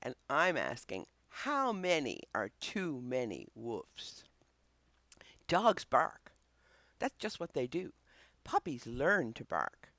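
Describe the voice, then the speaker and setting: Lively, playful woman dog trainer. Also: very deep voice, slow, no room sound. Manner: playful, imitates barking and viewers' voices. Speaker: puppy trainer and vlog host. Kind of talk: chatty instructional vlog.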